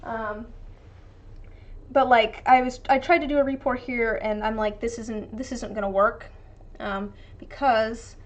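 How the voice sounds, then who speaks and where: Young adult woman, bright-pitched, loose and rambling, talks to viewers while working. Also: fairly even intonation, measured pace. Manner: chatty, rambling, frequent fillers and restarts. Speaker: resin dice maker streaming her craft. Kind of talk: casual live-stream chat with viewers.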